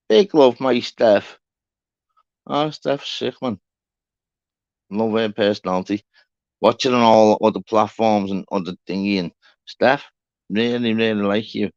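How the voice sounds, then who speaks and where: A man, hosting a casual live chat with viewers. He shouts out greetings, then drops into quiet, sombre talk. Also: lowish voice, a little slow, pauses often, no room sound, dull audio. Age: 30s. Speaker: livestream host.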